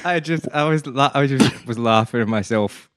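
A man's voice: medium pitch, normal speed, no room sound, studio quality. A man co-hosting a podcast in casual chat, laughing often and tripping over his words. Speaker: podcast co-host. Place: home room, remote call.

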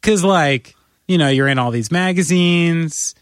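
A man co-hosting a podcast in casual chat, animated and playfully persuasive, talking in long run-on pitches. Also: unhurried, clean tone, no echo, clean studio sound. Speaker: podcast co-host.

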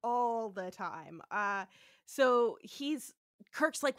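An animated woman podcast host recapping an episode with a casual, comedic edge. Her voice is bright and lively, jumping around in pitch as she slips into quick character bits. The sound is dry and close. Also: dry recording. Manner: animated, acts out characters in quick bursts, swears freely.

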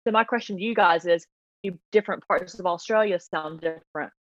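A woman's voice: lowish voice, a little fast, dry recording. A woman from the Southern United States with a Southern American accent touched by Yorkshire, chatting casually as a guest and acting out what people say to her. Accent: Southern American with some Yorkshire. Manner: chatty, quotes people in put-on voices. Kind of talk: casual video-call chat. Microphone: video call. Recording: dull, dry video-call audio.

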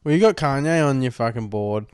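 A man's voice: medium pitch, animated, a little fast, darkish tone, clear, resonant tone, no room sound, studio quality. A young man, co-hosting a podcast in laid-back, swearing chat. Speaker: podcast co-host. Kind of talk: casual chat.

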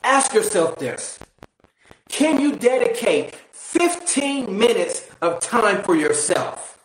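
A man's voice: high-pitched, big pitch swings, slow pace. A man giving a blunt, preachy motivational talk that swears casually and fires direct questions at the listener. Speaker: motivational speaker. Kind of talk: motivational monologue. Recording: roomy echo.

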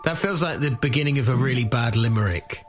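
A man's voice: medium pitch, over loud music. A man co-hosting a comedy podcast, teasing his partner and plugging a gig in casual banter. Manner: playful, teasing, quick plugs.

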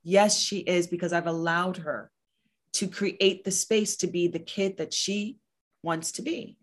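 A woman's voice: lowish voice, a little slow. A woman in her thirties, a podcast host, talking earnestly and with emphasis in a casual chat, sometimes acting out what others say. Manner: earnest, emphatic, acts out quoted voices. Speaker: podcast host and guest speaker.

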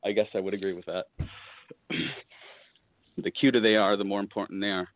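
A man chatting as a guest, speaking thoughtfully and hesitantly, often clearing his throat. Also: lowish voice, level tone, brisk, dry recording. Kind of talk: casual chat over a call. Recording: tinny call audio, dry.

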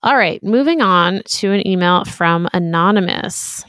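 A woman's voice: fairly low pitch, expressive, measured pace, few pauses, fairly bright tone, dry recording, studio quality. A woman co-hosting a casual podcast, chatting and reading listener emails aloud in an easygoing way. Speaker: podcast host. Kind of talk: casual chat.

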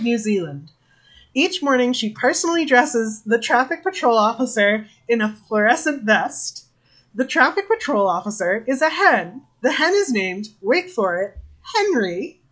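Woman podcast co-host, slightly high voice, dry humor, reads news items aloud. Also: sing-song, normal speed, fairly bright tone. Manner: dry, joking, fills with "um". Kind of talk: casual podcast chat and reading an article aloud.

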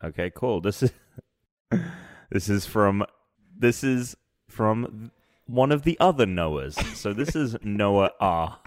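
A man's voice: fairly low pitch, expressive, takes it slowly, pauses often, no echo, clean studio sound. A man co-hosting a casual podcast who laughs often and trails off mid-sentence. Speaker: podcast co-host. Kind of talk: casual chat.

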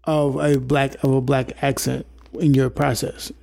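A man's voice: mid-range voice, little pitch movement, unhurried, gravelly, warm tone. A man from New York co-hosting a casual chat, earnest and explaining, often stammering through restarts. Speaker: podcast co-host.

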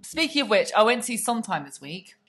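A woman's voice: on the high side, very animated, fairly quick, fairly bright tone. A woman co-hosting a podcast, chatting casually in a gossipy, theatrical way and swearing freely. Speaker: podcast co-host. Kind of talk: casual chat.

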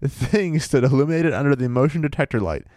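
A man's voice: medium pitch, animated, fast talker, a little mellow, no room sound, studio quality. A man co-hosting a casual podcast, reading a paranormal story aloud and joking around with a loose, profane manner. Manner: laid-back, profane, laughs often. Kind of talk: casual chat with read-aloud passages.

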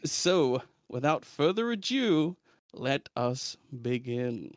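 A man's voice: on the high side, expressive, normal speed, faint music behind. A young man with a New Zealand accent, hosting and narrating a tabletop game in a dramatic storytelling manner. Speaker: game master and host. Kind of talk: podcast intro and scripted narration.

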